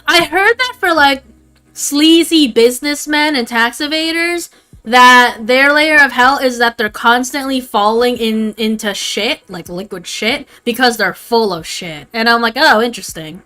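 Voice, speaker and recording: A woman's voice: a little high, unhurried, bright, forceful tone. A young adult woman chatting casually on a livestream, rambling and swearing freely. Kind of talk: casual stream chat.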